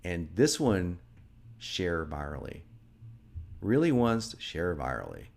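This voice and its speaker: A middle-aged man teaching marketing, reading lines from his own sales script aloud and critiquing them in a lively way, often chuckling. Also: low-pitched, slow pace, creaky. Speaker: marketing instructor.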